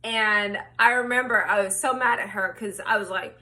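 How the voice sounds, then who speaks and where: A woman vlogger telling a storytime in casual chat, animated, swearing freely and acting out her own quotes. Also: mid-range voice, moderate pace, few pauses.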